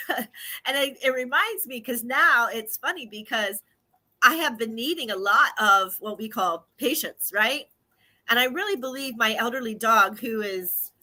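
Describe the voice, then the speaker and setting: A woman's voice: on the high side, pushed and bright. A woman hosting a radio podcast, talking casually with frequent laughter and greeting listeners by name. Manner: chatty, laughing often, greets listeners in chat. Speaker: podcast host. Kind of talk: casual talk show monologue.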